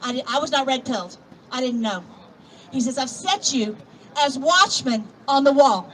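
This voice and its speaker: High-voiced preachy woman. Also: expressive, moderate pace. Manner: preachy, calls out to the crowd, swings between soft asides and shouts. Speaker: rally speaker. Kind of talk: impassioned outdoor rally speech with scripture reading. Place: outdoor plaza at a protest march. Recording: distant outdoor recording with crowd noise. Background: murmuring crowd and street noise.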